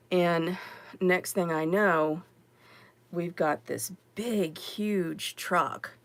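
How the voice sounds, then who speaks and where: A middle-aged woman hosting a podcast, telling stories in a casual monologue that rises high when she gets exasperated. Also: gravelly. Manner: animated storyteller, rising high when exasperated. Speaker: podcast host.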